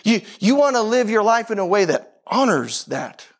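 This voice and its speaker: A middle-aged man with a high-set voice preaches a sermon. He talks with intensity and emphasis, piling up rhetorical questions and repeating his points to drive them home. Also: sing-song, moderate pace. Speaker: pastor.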